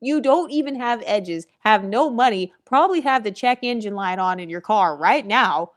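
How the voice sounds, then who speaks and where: A woman's voice: mid-range voice, expressive, normal speed. A woman vlogger giving blunt, opinionated commentary, sassy and profane, with mocking asides.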